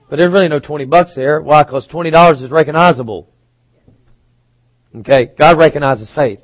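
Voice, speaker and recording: A man's voice: on the high side, brisk, no echo, dull audio. Preacher man with a dry close sound. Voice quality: occasional coughs. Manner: conversational, asks the congregation questions. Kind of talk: sermon teaching.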